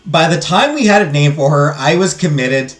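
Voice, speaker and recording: Chatty let's play guy, lively swingy voice, joking w/ chat, echoey room and faint music. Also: fairly high pitch, normal speed. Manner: jokey, chatty, laughs at himself, answers chat. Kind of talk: casual gameplay commentary.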